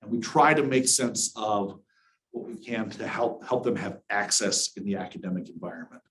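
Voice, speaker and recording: A man's voice: fairly low pitch, moderate pace, a little hiss or hum. Candid middle-aged man in an echoey room. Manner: candid, conversational, with dry dark humor. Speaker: university accessibility office director. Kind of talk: workshop presentation. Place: presentation room with an audience.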